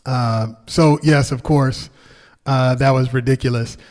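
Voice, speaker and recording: A man co-hosting a podcast in casual chat, laughing often and pausing with ums. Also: mid-range voice, fairly even intonation, darkish tone, big-room sound. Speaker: podcast co-host.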